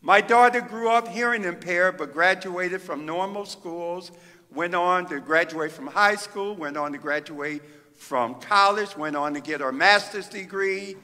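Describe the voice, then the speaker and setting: Speaking with a high, bright, forceful voice, a middle-aged pastor from the Midwest preaches fervently, with long drawn-out phrases and pauses. The sermon takes place in a church sanctuary, and the recording carries the reverb of the hall.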